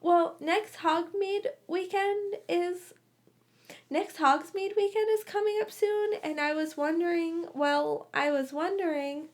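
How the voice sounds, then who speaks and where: Woman reading: nervous schoolboy, stammering and hesitant, high-pitched. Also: animated, a little slow, few pauses. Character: shy nervous teenage schoolboy.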